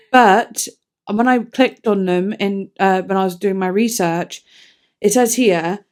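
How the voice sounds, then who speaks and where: A young-sounding woman talks her way through a song review in an easy, chatty vlog voice. She is enthusiastic and a little self-deprecating, often drifting into soft, thoughtful asides. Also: medium pitch, takes it slowly. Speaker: music reviewer.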